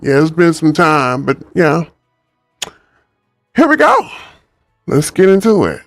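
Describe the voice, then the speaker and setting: A relaxed, chatty man reads a story aloud on a livestream, ad-libbing as he goes. He talks unhurriedly, his pitch leaping around lively. The sound is dry and close, with faint music behind him. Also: takes it slowly, dry recording. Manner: laid-back, chatty, ad-libbing. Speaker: streamer reading a book. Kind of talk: casual livestream story reading.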